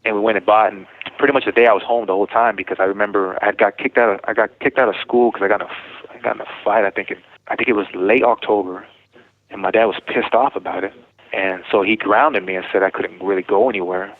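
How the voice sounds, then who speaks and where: A man with a fairly low voice talks fast. He tells his story in a rambling way, keeps correcting himself and acts out the back-and-forth. The sound is thin, like a phone line. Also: steady tone. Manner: rambling, self-correcting, retells dialogue. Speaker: interviewee telling his story. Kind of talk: personal account in casual talk.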